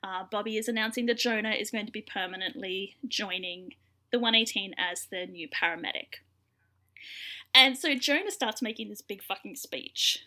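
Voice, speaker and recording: Bright-voiced woman recapping a TV episode. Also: mid-range voice, moderate pace. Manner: chatty storyteller, frequent fillers. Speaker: podcast co-host. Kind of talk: casual episode recap chat.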